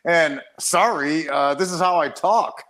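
A man with a Chicago accent hosts a casual chat in a slightly raised voice. He talks in a direct, matter-of-fact way, without softening his tone. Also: fairly high pitch, a little slow. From South Side of Chicago, USA. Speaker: podcast host.

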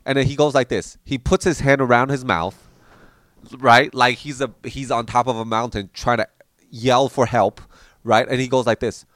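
A man telling childhood stories in a loose, animated way, slipping into the voices of his family. His pitch sits in the middle, and the recording is dry and close. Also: normal speed, no echo. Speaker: podcast storyteller. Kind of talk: casual storytelling.

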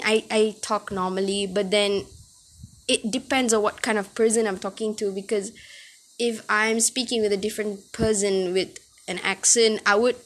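A woman hosting a casual solo podcast from home, talking in a hesitant way and often tripping over her words. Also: medium pitch. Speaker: podcast host.

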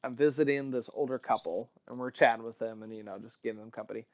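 A man co-hosting a book podcast in a casual chat, telling animated stories with lots of laughs and restarts. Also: medium pitch, fast talker, no room sound. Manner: animated storyteller, laughs often, trails off into restarts. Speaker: podcast co-host. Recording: dull lo-fi sound.

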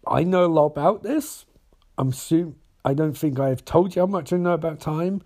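A man voicing a weary, dismissive middle-aged male scientist who talks in a flat, sarcastic way. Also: fairly high pitch, moderate pace, close to an everyday voice. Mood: lecturing. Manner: flat, sarcastic, put-upon.

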